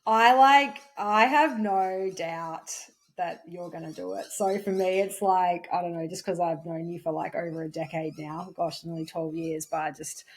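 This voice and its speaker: A woman's voice: fairly low pitch, fairly even intonation, moderate pace, few pauses. A woman co-hosting a casual podcast chat, supportive and casually swearing. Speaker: podcast co-host.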